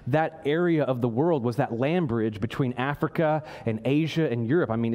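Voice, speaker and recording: A pastor preaching a sermon in a church, earnest, with his voice rising when he acts out a prayer. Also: a little mellow. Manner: earnest, voice lifts high when acting out prayers.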